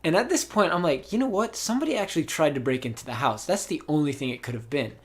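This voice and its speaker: A man's voice: fairly high pitch, animated, quick pace. A young man hosting a podcast, telling a long story in a casual, rambling way with many fillers and restarts. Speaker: podcast host. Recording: voice call.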